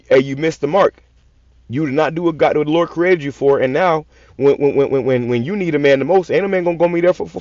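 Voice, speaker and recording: This man's voice is fairly high with a darkish tone and no echo. He preaches scripture in a raw, profane style, swearing often and repeating words in stammering runs. The recording has a dull, lo-fi sound.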